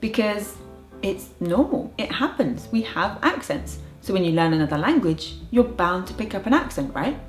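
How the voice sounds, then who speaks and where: A woman's voice: mid-range voice, very animated, normal speed. A young woman with an English accent, a language coach talking playfully to camera in a casual vlog with dry jokes. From United Kingdom. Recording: echoey room with faint music.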